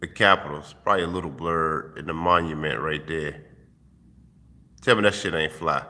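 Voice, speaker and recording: Man, vlog host lecturing the fellas; bright, tense tone with a long reverb tail, phone mic. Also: very deep voice, normal speed. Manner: streetwise, profane, preachy. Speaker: host giving dating advice. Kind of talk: casual vlog monologue. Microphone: phone held while filming.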